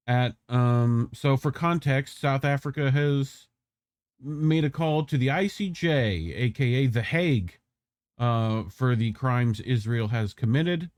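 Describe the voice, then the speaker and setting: A man co-hosting a news podcast, chatting casually with quick joking asides and swearing. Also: medium pitch, darkish tone, dry recording. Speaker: podcast co-host. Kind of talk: casual commentary.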